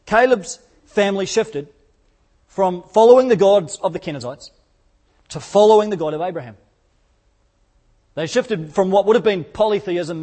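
A male pastor delivers a sermon in a casual, conversational way. His voice sits somewhat higher than most men's. He leans on rhetorical questions and often restarts a phrase mid-thought. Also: a little mellow.

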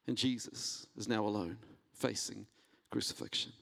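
A man preaching a sermon, telling a personal story and building to an animated delivery. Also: normal speed, creaky, no room sound. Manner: storytelling, rising in pitch and intensity when preaching. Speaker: pastor.

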